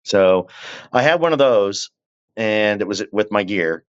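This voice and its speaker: A man with a drawl and a low voice, spinning a long, unhurried story as a podcast guest. He keeps turning to the listener with little asides. The audio is dull and lo-fi, like a remote call. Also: lively intonation, clean tone. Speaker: guest telling his story. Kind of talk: casual storytelling.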